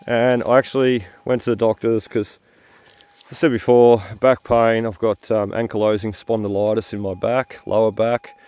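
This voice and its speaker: A tired man hosting a metal detecting video, talking in a halting, rambling way full of fillers while he searches outdoors. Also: fairly low pitch, flat delivery, a little mellow, clear, resonant tone. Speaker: metal detecting channel host. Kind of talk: rambling casual vlog talk while detecting.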